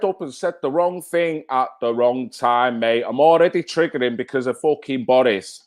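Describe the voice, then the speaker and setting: A man's voice: mid-range voice, normal speed, hardly any pauses, darkish tone. A man from North Manchester with a Mancunian accent, hosting a live stream and bantering with viewers in chat, swearing freely. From North Manchester, England. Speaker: livestream host.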